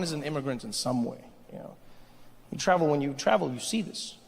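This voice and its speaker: A man performing a stand-up comedy routine on stage, an animated storyteller who leaps into character voices. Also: a little high, brisk, gravelly. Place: comedy stage before a live audience. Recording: echoey venue with faint noise.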